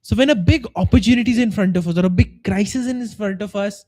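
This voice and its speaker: A life coach leading a live-streamed motivational talk, this man speaks quickly in a high, slightly mellow voice with few pauses. He's earnest and explanatory, acting out the voices of the people in his examples.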